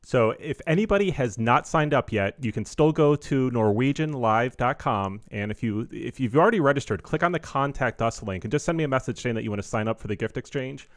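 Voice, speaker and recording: A man hosting a podcast interview, guiding the talk with brisk questions and sign-up reminders. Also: mid-range voice, lively intonation, no echo, studio quality. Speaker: host.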